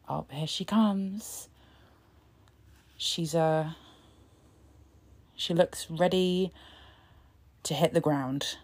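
A woman's voice: low voice, darkish tone. A young British woman chatting sarcastically in a casual reaction video, laughing often. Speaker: vlogger.

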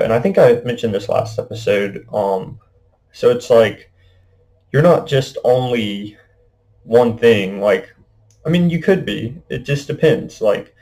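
A man's voice: on the low side, darkish tone, rough recording. A young man hosting a casual monologue podcast, rambling with lots of fillers. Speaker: podcast host.

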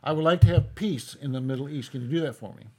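A man voicing a long-married husband in a told joke, exasperated and rushing through his complaints. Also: fairly high pitch, slightly rough.

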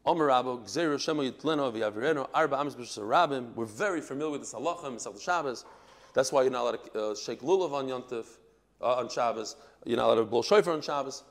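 A man teaching a Talmud class, explaining a passage with animated exclamations and quiet asides, mixing in Hebrew and Aramaic terms. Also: mid-range voice, quick pace.

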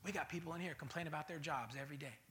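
A man preaching a sermon as pastor, swinging between loud bursts and mocking voices. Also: fairly high pitch, racing, slight background noise.

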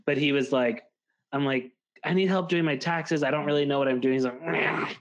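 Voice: mid-range voice, fairly quick. Blunt, swearing podcast co-host. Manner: blunt, swears freely, mimics people. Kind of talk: casual chat.

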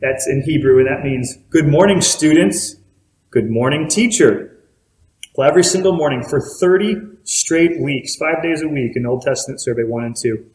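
A man's voice: medium pitch, fairly quick, few pauses, a little mellow, slight background noise. A man preaching a sermon as pastor, earnest and direct, putting questions to his listeners. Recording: roomy echo.

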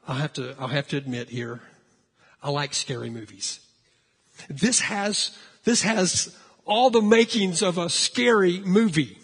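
High-voiced, husky man preaching. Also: in a large hall. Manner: animated storytelling, acting out frightened voices. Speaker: pastor. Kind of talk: sermon.

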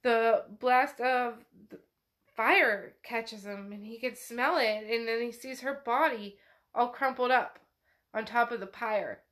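A woman's voice: a little high, slow pace, fairly bright tone. A woman casually retelling a novel chapter aloud, chatty and often laughing. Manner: chatty, laughing, uses "like" a lot. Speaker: book club host. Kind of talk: casual book recap.

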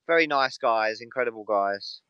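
A man's voice: mid-range voice, lively intonation, normal speed, bright, forceful tone, clear, resonant tone, no room sound, dull audio. A man chatting casually as a guest on a live stream, friendly and rambling. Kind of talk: casual chat.

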